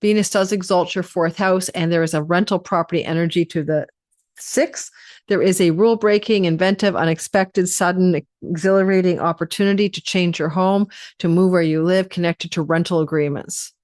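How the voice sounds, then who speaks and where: A woman's voice: fairly low pitch, fairly even intonation, normal speed, darkish tone, no room sound, clean studio sound. A tired woman astrologer giving a rambling, chatty forecast and running through lists of possibilities. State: tired, yawning.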